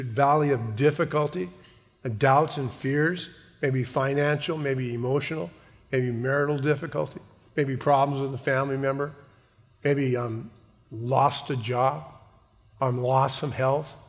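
A man preaching a sermon in an earnest way, repeating words as he goes and calling out to the congregation for an amen. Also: medium pitch. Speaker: pastor. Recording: long hall reverb.

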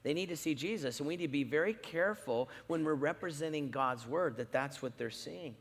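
Brief: middle-aged male pastor, lively storytelling sermon, fairly high voice, long church-hall reverb. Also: fairly quick. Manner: animated storytelling, wide swings in loudness.

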